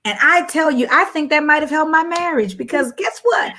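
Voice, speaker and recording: A woman in her thirties talks openly, stacking short repeated phrases to drive a point home. Her voice leaps high and loud whenever she quotes someone. She sounds unhurried and personal. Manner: animated, repeats phrases for emphasis, jumps high when quoting. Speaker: guest. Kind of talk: candid conversational storytelling.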